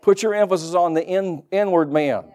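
A man's voice: high-pitched, moderate pace, a little mellow. A middle-aged man preaching a sermon as pastor, folksy and joking asides to the congregation.

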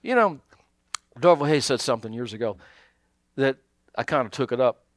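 A man pastor preaching a sermon, animated, calling out to his congregation and acting out little asides. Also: mid-range voice, moderate pace, no echo, studio quality.

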